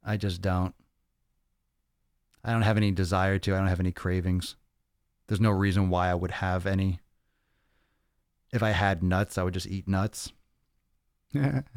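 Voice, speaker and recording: A man's voice: low-pitched, steady tone, moderate pace, long pauses, no echo, clean studio sound. A man hosting a fitness podcast livestream, chatting casually, answering comments and cracking crude jokes. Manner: loose and profane, jokey, reads comments aloud. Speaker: podcast host.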